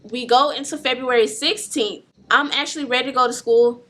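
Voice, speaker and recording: A young woman recounting a painful family story in a personal vlog, speaking softly and in a subdued way. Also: high-pitched, fairly quick.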